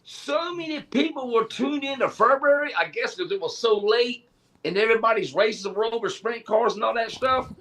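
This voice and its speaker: Animated high-voiced man telling stories. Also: moderate pace. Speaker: podcast co-host. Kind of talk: casual storytelling chat.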